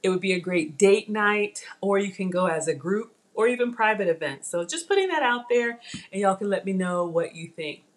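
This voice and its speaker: A woman's voice: medium pitch, lively intonation, normal speed. A woman hosting a casual live cooking stream, chatty and emotional, thanking viewers by name as she works. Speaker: cooking livestream host.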